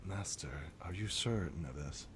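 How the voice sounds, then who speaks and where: A man's voice: rumbling low, steady tone, normal speed, heavy background noise, pitched below the performer's own voice. A man voicing a solemn, formal male elf guard in silks. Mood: deferential.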